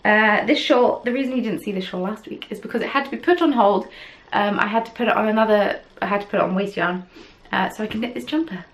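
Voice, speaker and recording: A woman hosts her podcast in a loose, rambling chat, poking fun at herself as she goes. Her mid-pitched voice carries a gravelly fry. She sounds recorded at home on a camera. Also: fast talker, rough recording. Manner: chatty, rambling, self-deprecating. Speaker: podcast host. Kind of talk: casual chat.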